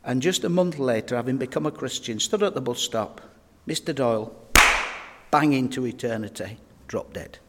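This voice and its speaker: Male preacher, storytelling sermon, mid-pitched, long church reverb. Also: moderate pace, background noise. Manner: earnest, humorous anecdotes, addresses folks directly.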